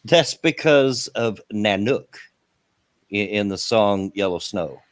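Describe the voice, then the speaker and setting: A man's voice: on the low side, animated, slow. A man from the States, hosting a casual podcast and joking between laughs. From southern United States. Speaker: show host reading the chat.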